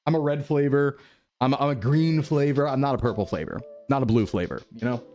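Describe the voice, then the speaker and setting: A man's voice: medium pitch, a little fast, a little mellow, soft background music. A man streaming live, chatting casually with viewers in a rambling, upbeat way and often repeating himself.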